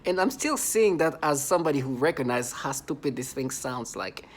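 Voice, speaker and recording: In an expressive mid-range voice at a normal speed, a man vlogs through an agitated, wandering monologue. He restarts often, repeats himself, and laughs in disbelief.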